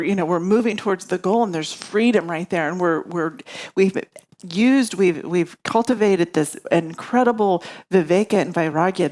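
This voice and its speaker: A woman yoga teacher giving a reflective spiritual study lesson, often searching for words. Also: fairly low pitch.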